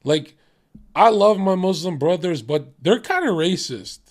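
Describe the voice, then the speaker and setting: A man's voice: sits high, expressive, measured pace. A man livestreaming who rants at his chat, swearing freely, combative and laughing often. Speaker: streamer reacting to chat. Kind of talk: casual livestream rant.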